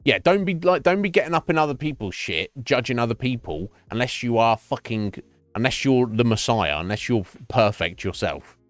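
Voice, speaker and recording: A man's voice: mid-range voice, animated, normal speed, no room sound, faint music behind. A middle-aged British man chatting casually to his stream, blunt and sweary, rambling with many restarts. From Britain.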